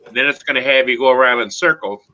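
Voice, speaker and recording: A man's voice: mid-range voice, fast talker, sharp tone, soft background music. A man co-hosting a casual live chat, giving step-by-step advice in an instructive way. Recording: muffled, lo-fi call audio.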